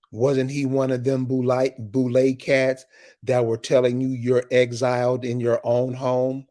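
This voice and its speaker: A man hosting an opinion commentary, speaking in a middle-pitched voice. He lectures and addresses his viewers directly. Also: darkish tone. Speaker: commentary video host.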